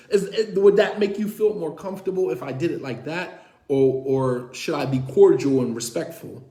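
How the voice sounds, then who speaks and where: Male lecturer, high voice, direct and sarcastic, conversational, echoey room. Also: a little fast. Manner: direct, keeps asking "you understand?"; animated, sarcastic storytelling with laughs. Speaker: lecturer on marriage.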